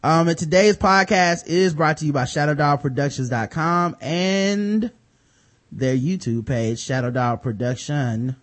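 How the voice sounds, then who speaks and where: Hosting a podcast in casual chat, a man with a fairly high, slightly slow voice reads sponsor spots. His delivery is loose, jokey, and profane, packed with fillers.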